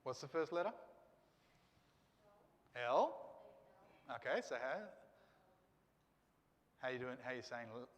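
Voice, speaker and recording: A man's voice: mid-range voice, expressive, takes it slowly, pauses often, long reverb tail. A man teaching a class to read Greek letters, coaxing students with questions and encouragement.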